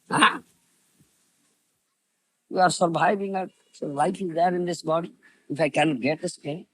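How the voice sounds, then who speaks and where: A man's voice: fairly high pitch, slow, gravelly, pauses often, fairly bright tone, husky. A man giving a devotional lecture, emphatic and repetitive, often asking listeners whether they understand. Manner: emphatic, repeats phrases, asks "you understand?", laughs. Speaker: spiritual teacher.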